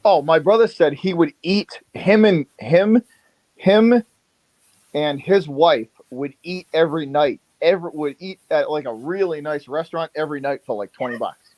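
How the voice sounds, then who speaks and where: A man chatting casually on a video call. He is relaxed, swears now and then, and talks to his cat. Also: a little high, normal speed, dry recording, poor audio. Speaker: stream guest.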